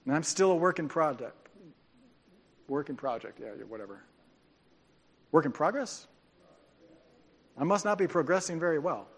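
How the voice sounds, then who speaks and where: A man preaching a sermon as a pastor, animated and joking, acting out quoted voices. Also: on the high side, normal speed, pauses often, long reverb tail. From grew up on a farm.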